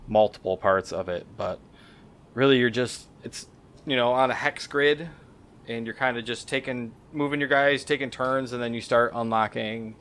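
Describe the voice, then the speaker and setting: A man with a smooth, mid-range, fairly bright voice co-hosts a podcast. He chats casually about a game he found, drifting a little and peppering his talk with fillers and self-corrections.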